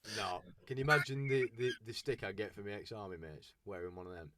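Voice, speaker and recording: Quick-talking singer, low voice. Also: male voice, bright, forceful tone. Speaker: country singer guest. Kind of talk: casual interview chat.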